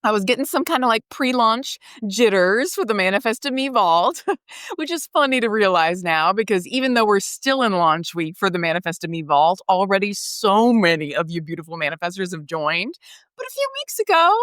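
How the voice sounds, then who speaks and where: A woman's voice: medium pitch, big pitch swings, normal speed, a bit bright, dry recording, clean studio sound. A woman podcast host, guiding a reflection exercise and telling a personal story in a conversational way, often saying "like" and laughing.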